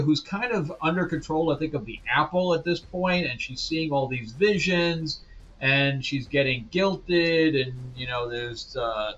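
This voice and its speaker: A man's voice: medium pitch, sharp tone, muffled recording. A man hosting a casual comic book review, rambling with lots of fillers and chuckling asides.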